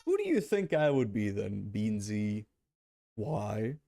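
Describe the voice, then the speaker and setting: A man's voice: fairly low pitch, huge pitch swings, takes it slowly, vocal fry, mellow. A man streaming a game, rambling and joking back and forth with his chat. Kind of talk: casual gameplay commentary.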